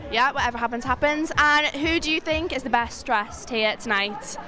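A woman's voice: high voice, moderate pace, sharp tone, faint music behind. A woman interviewing guests on a red carpet floor, bubbly and full of compliments. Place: event floor.

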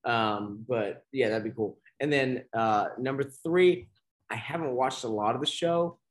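A man co-hosting a casual podcast, chatting in a relaxed way. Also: mid-range voice, a little slow. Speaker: podcast co-host. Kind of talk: casual chat.

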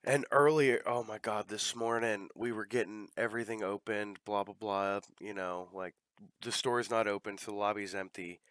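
A man's voice: fairly low pitch, fairly even intonation, normal speed, a bit bright, no echo, clean studio sound. A man hosting a casual chat, telling long profane rambling stories.

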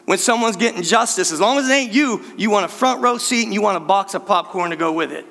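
An older man preaching a sermon to his church in a playful, conversational way with quick asides. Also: high-pitched, expressive, vocal fry, a bit bright, in a large hall. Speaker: pastor. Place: church sanctuary.

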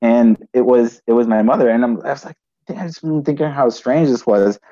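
A man's voice: mid-range voice, steady tone, mellow, highs cut off. A man telling a personal story in conversation, restarting often and adding "right?" as he goes. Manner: halting, frequent restarts and "right?" tags.

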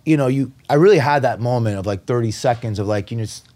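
A man's voice: medium pitch, fast, a little mellow. A middle-aged man from New York City, a podcast guest, telling a long story in rambling casual talk with many fillers and curse words. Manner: rambling, many fillers and restarts, swears freely.

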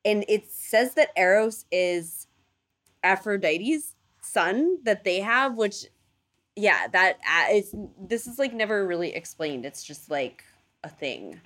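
A woman telling a story in casual chat, animated, full of fillers and casual swearing, acting out voices for the people in it. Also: medium pitch, slow. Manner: animated storyteller, acts out quoted gods in playful voices.

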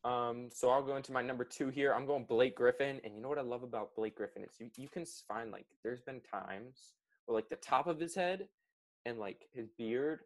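A man's voice: medium pitch, brisk. A man co-hosting a casual podcast, talking with many fillers. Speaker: podcast co-host. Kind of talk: casual chat.

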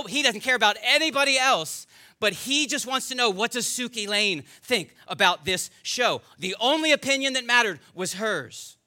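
Bright-voiced, animated male pastor preaching. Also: sits high. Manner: earnest, builds to emphatic animated peaks; addresses children in the congregation directly. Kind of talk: sermon.

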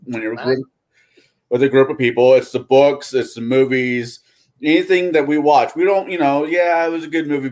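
A man on a game-master panel agreeing and musing in casual chat, rambling with restarts. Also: medium pitch.

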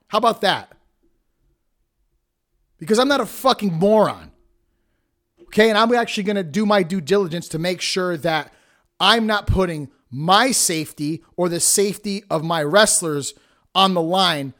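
Brief: higher-voiced man, podcast host, heated profane rant, blunt and defiant. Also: a bit bright. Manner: blunt, heated, heavy swearing. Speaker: podcast host and wrestling promoter.

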